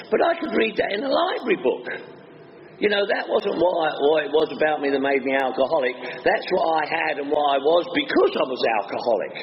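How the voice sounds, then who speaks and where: A man's voice: a little high, big pitch swings, brisk, slight background noise. A man with a Northwest London accent, telling his own recovery story to a meeting in a blunt, joking way with rhyming quips. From England. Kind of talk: personal recovery talk. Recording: dull, echoey hall recording.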